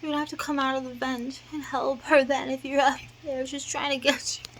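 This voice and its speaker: A woman's voice: sits high, level tone, brisk, a bit bright, a little hiss or hum, rough recording. A woman telling a rambling, emotional story in a casual vlog, sometimes drifting into half-whispered singing. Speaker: vlogger.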